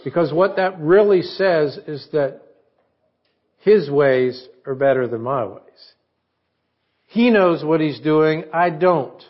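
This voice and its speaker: Slow-speaking pastor, higher man's voice. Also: lively intonation, muffled recording. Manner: conversational preaching with questions to the congregation. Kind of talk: sermon.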